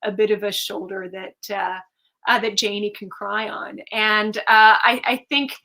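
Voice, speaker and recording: A woman's voice: mid-range voice, steady tone, measured pace, sharp tone, rough recording. A woman author talking about her book on a video call, chatty and full of fillers and restarts. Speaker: author guest.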